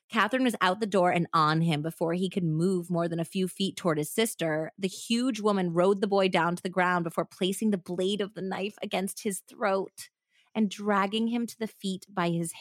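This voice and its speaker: A woman's voice: mid-range voice, no echo. A woman co-hosting a true-crime podcast, reading a story aloud and chatting casually about it into a close mic. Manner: reads narration then chats casually with fillers. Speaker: podcast co-host.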